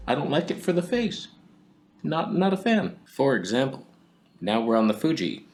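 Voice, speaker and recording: A man's voice: medium pitch, sing-song, normal speed, a little mellow, faint music behind. A man giving a sarcastic, comedic camera review, swinging between whispers and outbursts.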